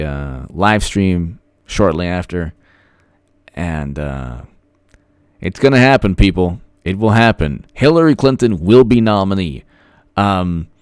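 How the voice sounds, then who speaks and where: A man's voice: on the low side, smooth, no echo, studio quality. A man hosting a political live stream, rambling and repeating himself with many fillers as he thanks viewers.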